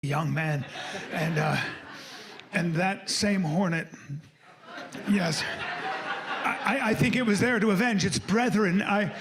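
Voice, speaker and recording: A man with a very high, reedy voice tells a crude, boastful stand-up story and keeps jumping into a shrill squeal. The clip is noisy, with faint hiss under the voice. He sounds like he is on a club stage. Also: takes it slowly, long pauses. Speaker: stand-up comedian.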